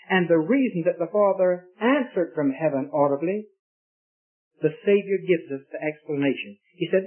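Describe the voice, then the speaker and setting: A man preaching with a high, earnest voice, pressing his questions on the congregation. The sound is thin and tinny, like an old radio broadcast. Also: husky. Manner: earnest, emphatic, questioning the listeners. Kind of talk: sermon.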